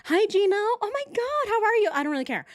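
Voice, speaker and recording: A woman's voice: very high voice, big pitch swings, quick pace, no echo, voice pushed up. A woman putting on a mocking impression of a petty, melodramatic young woman who rattles off orders on the phone, whiny and over the top. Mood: gushing fake.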